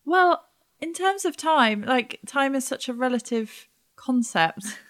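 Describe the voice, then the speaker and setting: A woman's voice: high voice, lively intonation, slow. Playful woman at a tabletop game. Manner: playful, joking. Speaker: player.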